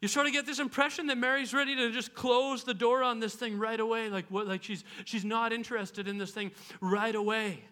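Male pastor with a high, bright voice, chatty sermon delivery. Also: steady tone, a little fast, few pauses. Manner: casual and storytelling, with playful asides.

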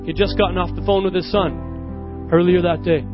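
A man preaching a sermon to his church, telling a personal story as an animated storyteller who often laughs at himself. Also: high-pitched, moderate pace. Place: church service. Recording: slightly dull recording with worship music behind.

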